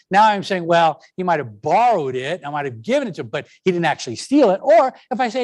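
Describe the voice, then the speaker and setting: A man's voice: high-pitched, quick pace, hardly any pauses. A man giving a lecture presentation on education and language, stressing words to make his points. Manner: animated, stresses words to demonstrate.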